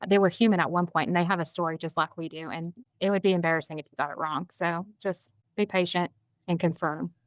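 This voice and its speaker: A woman's voice: lowish voice, fairly even intonation, fast talker, no room sound. A woman guest, a doll collector, chatting casually, gushing and earnest as she talks. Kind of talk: casual chat.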